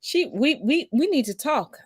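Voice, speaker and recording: A woman of Caribbean background hosting a casual conversation, playful and lively. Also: high-pitched, a little slow, dry recording, clean studio sound. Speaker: host.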